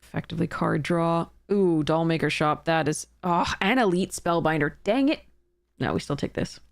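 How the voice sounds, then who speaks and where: A woman with a low voice streams a card game draft at a normal speed, thinking aloud in casual commentary and laughing at her own mistakes. The recording is dry.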